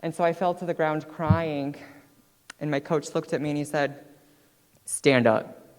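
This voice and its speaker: A woman in her twenties, a guest speaker telling her own story on stage in a chatty, animated way, often checking in with "right?". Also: low voice, normal speed. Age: 20s. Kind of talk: personal storytelling talk. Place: stage in a hall. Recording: long hall reverb.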